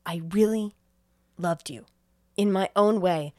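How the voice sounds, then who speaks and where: A young woman co-hosting a podcast casually recaps a film's plot, animatedly acting out the characters' lines and swearing freely. Her medium-pitched voice is slow, recorded dry at studio quality.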